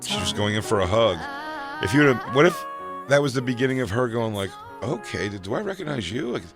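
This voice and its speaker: A man co-hosting a podcast, trading dark jokes in casual chat and laughing often. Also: mid-range voice, sing-song, a little fast, music in the background. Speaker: podcast co-host.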